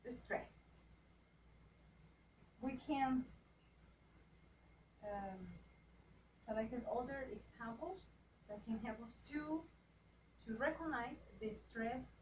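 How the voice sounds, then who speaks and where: Woman, slow halting lesson delivery, highish voice, dull roomy distant recording. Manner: halting, with restarts and repeated example words. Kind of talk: slow class presentation on phonetics. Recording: dull, roomy audio from far off, faint noise.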